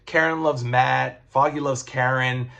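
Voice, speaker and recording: A man's voice: mid-range voice, steady tone, measured pace, creaky, fairly bright tone. Man, comic book reviewer, casual rambling talk, profane, lots of ums and restarts.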